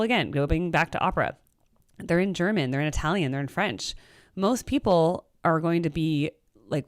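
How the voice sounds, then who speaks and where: A woman's voice: clear, resonant tone, dry recording, studio quality. A young woman hosting her own music channel, talking casually to camera and acting out what other people say. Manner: chatty, animated, acts out quoted people in a higher voice. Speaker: music reaction channel host.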